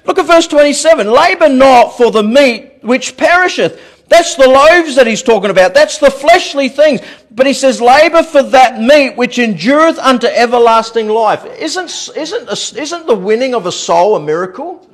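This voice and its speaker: A man preaching a sermon as pastor in a church, animated, repeating words and laughing at his own stories. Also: very high-pitched, normal speed. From Australia.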